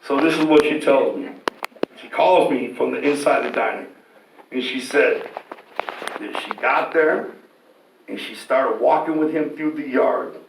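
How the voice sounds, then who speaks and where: A man telling a candid, profane personal story in an animated way, getting loud and shouting at dramatic moments. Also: medium pitch, a little slow, gravelly, long pauses. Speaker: storyteller guest. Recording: roomy echo, distant mic, faint noise.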